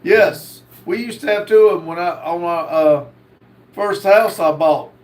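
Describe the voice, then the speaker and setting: Slow-talking man reading live chat. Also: high-pitched, darkish tone. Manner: slow, drawling, reads comments aloud. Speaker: livestream host reading chat. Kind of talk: casual livestream chat.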